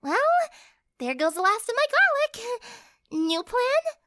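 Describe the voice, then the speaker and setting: A woman voicing a hyper, giddy young pony girl in a squeaky, very high voice for an audiobook. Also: big pitch swings, unhurried, fairly bright tone, no room sound, clean studio sound, full character voice. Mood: excitable.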